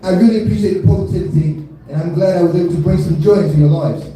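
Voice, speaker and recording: A man's voice: high-pitched, fast talker, dark tone, close to an everyday voice. A man voicing a young woman who reads a gracious public statement, in a weak mimicked accent. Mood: earnest. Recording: echoey room from far off.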